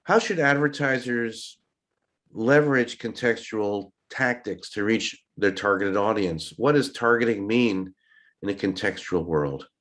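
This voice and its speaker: A man's voice: on the low side, a little slow, fairly bright tone. A man working as an interviewer, asking brief, direct questions.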